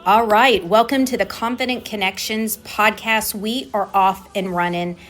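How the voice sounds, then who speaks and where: A woman's voice: medium pitch, steady tone, unhurried, a bit bright, soft background music. A woman hosting a solo coaching podcast on communication, talking with energy and stressing key words by repeating them.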